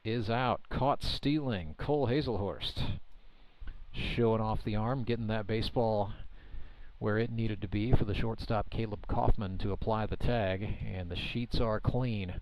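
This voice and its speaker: A man calling a baseball game live as play-by-play commentator, relaxed and chatty with dry humor. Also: on the low side, measured pace, poor audio. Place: ballpark broadcast booth.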